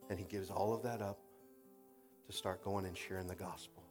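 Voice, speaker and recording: A man preaching a sermon in an animated storytelling way, acting out quoted voices and swinging from loud bursts to quiet passages. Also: lowish voice, moderate pace, faint music behind.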